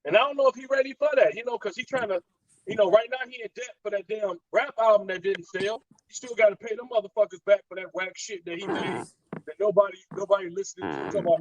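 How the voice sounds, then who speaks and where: A man hosting a casual, profane sports chat, mocking players with quick impressions and laughing a lot. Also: high-pitched, noisy background. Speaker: podcast host.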